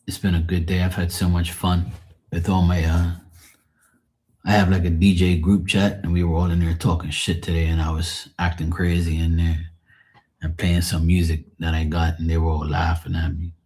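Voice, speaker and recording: A man's voice: low voice, normal speed, husky. A man hosting a livestream, telling everyday stories in a rambling, profane, casual way. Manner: profane, rambling, animated when quoting others. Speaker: livestream host. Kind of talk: casual storytelling chat.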